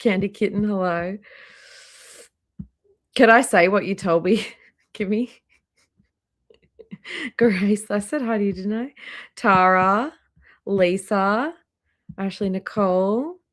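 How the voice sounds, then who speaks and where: A woman hosting a casual live stream, chatty and greeting viewers by name one after another, a little hoarse, talking into a laptop microphone indoors. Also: medium pitch, slow, long pauses. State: slightly hoarse, clearing throat. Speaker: livestream host. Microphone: laptop microphone near trackpad.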